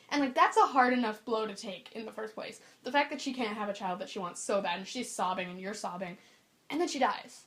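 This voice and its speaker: A young adult woman co-hosting a podcast in casual chat, animated and blunt in her opinions. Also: mid-range voice, a little fast. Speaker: podcast co-host.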